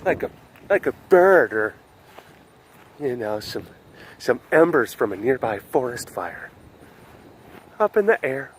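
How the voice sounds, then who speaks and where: A man's voice: mid-range voice, big pitch swings, unhurried, pauses often, slight background noise. A man hosting a casual webcast outdoors at an animal compound, rambling and joking with frequent laughs. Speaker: vlog host at a wild animal facility.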